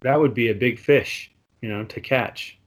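A man's voice: mid-range voice, normal speed. A man in a casual religious discussion, chuckling often and acting out the characters' lines for effect. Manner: chuckling, conversational, mock-dramatic quotes. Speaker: podcast co-host discussing scripture.

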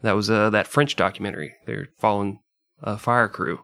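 A man's voice: lowish voice, steady tone, brisk, vocal fry, a bit bright, dry recording. A man hosting a casual podcast, reading historical passages aloud and laughing often between them. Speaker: podcast host.

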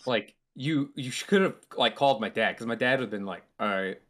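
A man's voice: medium pitch, fairly quick, fairly bright tone. Young man telling a rambling story. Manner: rambling storytelling with profanity and laughter; acts out quoted voices. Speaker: podcast host. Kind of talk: casual chat.

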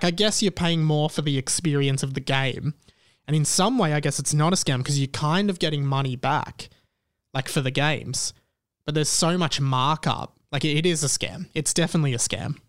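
A young man hosts a casual podcast, rambling through a personal story and playing out both sides of the conversations. His voice sits a little high and sounds smooth and clear. The close mic gives a dry sound with no room around it. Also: no room sound. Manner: rambling, self-deprecating, animated retelling with quoted dialogue. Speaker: podcast host.

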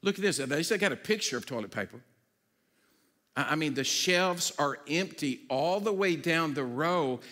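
A pastor preaches a conversational, energetic sermon at a moderate pace, with a big-room sound around him. He tosses in humorous asides, stammers into restarts, and sometimes drops low and quiet for serious points.

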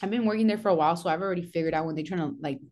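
A woman's voice: fairly low pitch, racing, darkish tone. A young woman chatting casually on a podcast, telling blunt work stories, swearing and slipping into Spanish phrases. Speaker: podcast guest.

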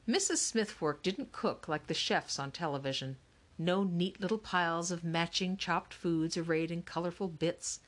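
A woman narrating a children's novel with a steady, clear storytelling delivery. Her voice sits fairly low for a woman. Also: moderate pace. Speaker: audiobook narrator.

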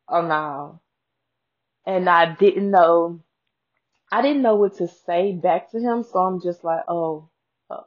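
A woman with a low, deep-set voice tells a personal story on her show. She is chatty and frank, swears freely and speaks straight to her listeners. The sound is dull and lo-fi. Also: breathy edge. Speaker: podcast host.

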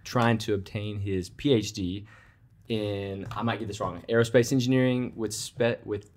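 A man's voice: on the low side, fairly even intonation, normal speed, darkish tone. Upbeat podcast co-host man. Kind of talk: casual chat.

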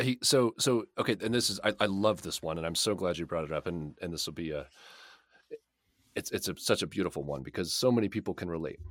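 Low-voiced man in a rambling chat. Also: dry recording, studio quality. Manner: rambling, repeats words as he thinks. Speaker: podcast co-host. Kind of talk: casual book discussion.

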